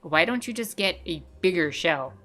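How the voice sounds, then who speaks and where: A woman voicing a calm, dry frog detective in a flat, patient way while reading a game aloud. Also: on the low side, moderate pace, faint music behind.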